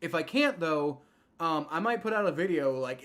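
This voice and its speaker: A young man hosting a live fan stream, giving rambling play-by-play and reaction with many fillers and restarts, getting excited on big plays. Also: fairly high pitch, moderate pace. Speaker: livestream host.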